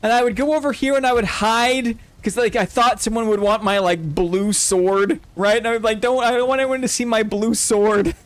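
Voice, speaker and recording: Excitable high-voiced male streamer. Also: normal speed, few pauses, dry recording. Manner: excitable, gushing, laughs often. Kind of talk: live gameplay commentary.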